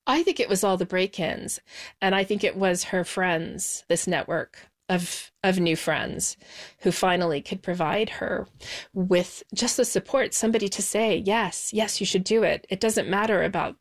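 A woman from the United States, an interview guest recounting her childhood in a measured, reflective way that slows on key words. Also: medium pitch. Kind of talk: personal recollection in an interview.

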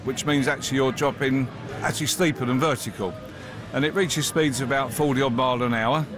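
A man, a park owner, talking proudly and chattily in an outdoor interview with small hesitations. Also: medium pitch. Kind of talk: on-location interview. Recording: crowd noise at an amusement park. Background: park crowd and rides.

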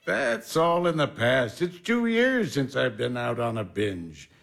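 An actor playing a gruff, dismissive army doctor in a stage drama. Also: male voice, medium pitch, animated, unhurried, a bit bright, soft background music.

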